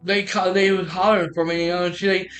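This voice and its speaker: High-voiced man rambling through a story. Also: flat delivery, quick pace, fairly bright tone. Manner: rambling, repeats "I said" and restarts often. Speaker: podcast host telling a personal story. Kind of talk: casual storytelling.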